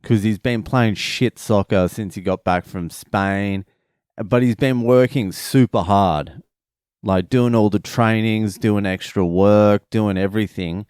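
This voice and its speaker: A man's voice: on the low side, unhurried, smooth, no room sound, clean studio sound. A man, a father, telling a family story in a casual, profane, rambling vlog. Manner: profane, rambling, animated retelling.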